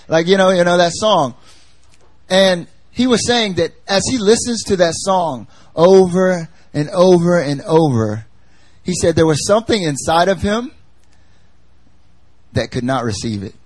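A man's voice: high-pitched, expressive, unhurried, no echo. A male pastor giving a conversational sermon in a chatty, emphatic manner, repeating his key phrases for effect. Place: church service.

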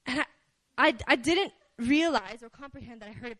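A young woman giving a casual, story-driven talk at a church prayer meeting, chatty and animated, with many fillers. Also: high-pitched, brisk. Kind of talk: conversational sermon.

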